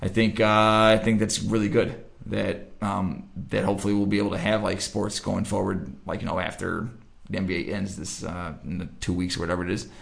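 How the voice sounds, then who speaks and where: A man's voice: low-pitched, little pitch movement, a little fast, vocal fry, few pauses. A man hosting a casual sports podcast, loose and joking as he wraps up the show with friends. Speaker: podcast host.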